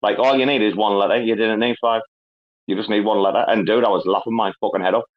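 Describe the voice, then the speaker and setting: A man's voice: on the low side, fairly even intonation, quick pace, narrow, tinny audio. A man with an English accent hosting a casual online chat, swearing constantly and laughing as he tells stories. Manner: profane, laughing, storytelling with a northern English slang. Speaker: host. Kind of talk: casual crypto community chat.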